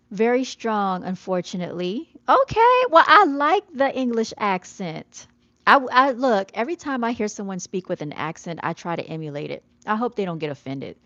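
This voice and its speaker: A woman's voice: medium pitch, no room sound, muffled recording. A woman with a Southern accent, chatting casually on a livestream and reading viewer comments, calling them y'all. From Jamaica. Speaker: livestream host.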